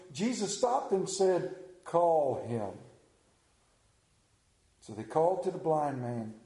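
A man's voice: high-pitched, animated, a little slow, dark tone, reverberant, poor audio. A male pastor giving a sermon, reading scripture, leading prayer and telling stories in a conversational, lightly humorous way. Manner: conversational storytelling, self-deprecating humor.

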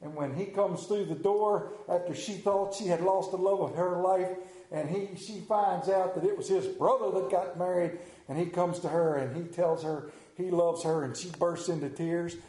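A middle-aged preacher from the rural American South tells stories in his sermon, animated and folksy, now and then dropping suddenly quiet. His voice sits high, moving at normal speed, and the room is reverberant.

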